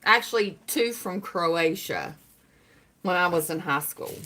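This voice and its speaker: A woman's voice: lowish voice, lively intonation, a little slow, sharp tone. A woman with a Southern US accent, chatting casually with viewers on her livestream and answering their comments. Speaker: livestream host.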